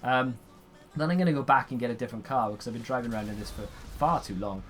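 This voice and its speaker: A man's voice: mid-range voice, fast, fairly bright tone, soft background music. Rambling, sarcastic young man. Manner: rambling, sarcastic, yawning, swears freely. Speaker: gaming streamer answering viewer questions. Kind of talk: casual chat while playing a game. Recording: faint background noise.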